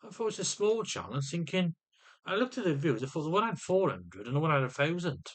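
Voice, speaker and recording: A man's voice: fairly high pitch, very animated, a little fast, fairly bright tone. A middle-aged man in an agitated personal rant to camera, often stumbling and repeating words as he vents. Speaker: vlogger.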